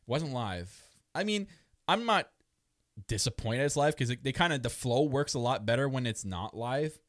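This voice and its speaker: A man talks through the week's wrestling in loose, animated podcast chat. He laughs constantly and acts out what the wrestlers said. His voice sits at a middling pitch and is recorded close and dry. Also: moderate pace, no room sound. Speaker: podcast co-host. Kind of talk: casual wrestling recap chat.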